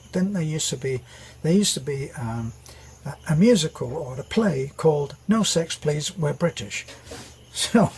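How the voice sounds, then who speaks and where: A man hosting his channel, telling jokes in a rambling way with many pauses and restarts. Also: on the high side, darkish tone, slight background noise, rough recording. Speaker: channel host. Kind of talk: casual joke telling.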